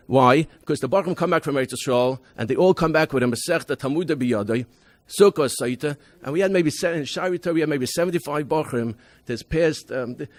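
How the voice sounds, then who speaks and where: A man's voice: fairly high pitch, a little mellow, dry recording. A man, a rabbi, giving a convention talk, telling emphatic stories about his students with many restarts and Hebrew and Yiddish terms. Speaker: rabbi presenting a school program.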